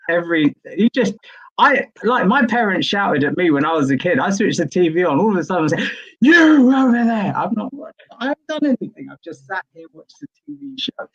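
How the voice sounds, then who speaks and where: Comedian in his forties, high-pitched put-on impression, joking, muffled video call audio. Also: fairly bright tone. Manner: doing a friend's voice as a running joke. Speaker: co-host. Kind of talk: comedy chat.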